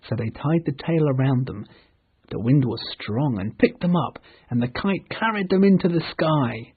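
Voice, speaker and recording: A man reads a storybook slowly and clearly for learners, in a mid-pitched, very husky voice. The recording is narrow and tinny, like a phone line. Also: lively intonation. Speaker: narrator. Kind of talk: storybook reading for English learners.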